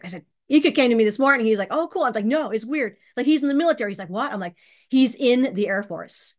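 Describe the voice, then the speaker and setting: Chatty woman telling a story. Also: mid-range voice. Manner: chatty, laughs often, acts out quoted dialogue. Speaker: channel host. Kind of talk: casual storytelling vlog. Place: bedroom.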